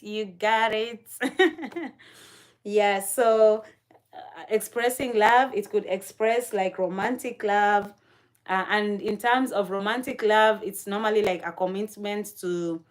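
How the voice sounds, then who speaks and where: A woman hosting a casual livestream chat, talking straight to her viewers, laughing often and filling pauses with "uh" and "um". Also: mid-range voice. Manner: chatty, laughs often, many fillers; talks to chat viewers directly. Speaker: livestream host.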